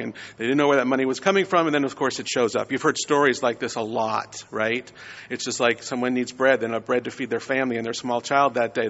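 Gravelly guy preaching, chatty, keeps asking right?, muffled hall echo. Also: mid-range voice, fairly bright tone. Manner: conversational, frequent "right?" tags. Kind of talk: sermon.

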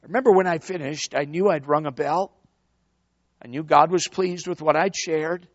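A man's voice: on the high side, moderate pace, dry recording. A man preaching a sermon to a congregation, telling a story and calling out to the crowd. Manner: animated storyteller, calls out to the congregation. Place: church before a congregation. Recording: dull, lo-fi sound.

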